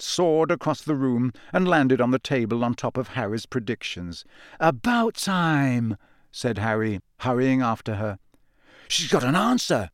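A man narrating an audiobook with clear, expressive storytelling. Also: mid-range voice, no room sound, studio quality. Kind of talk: scripted narration.

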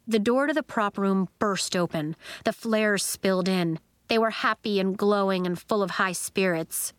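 A woman narrating a children's story in an expressive storytelling manner. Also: mid-range voice, unhurried, clean tone, no echo, clean studio sound. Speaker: audiobook narrator.

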